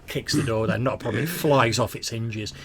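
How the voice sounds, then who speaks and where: A man's voice: mid-range voice, fairly quick, a loud crowd. A man narrating a tabletop game as game master, describing scenes with frequent restarts.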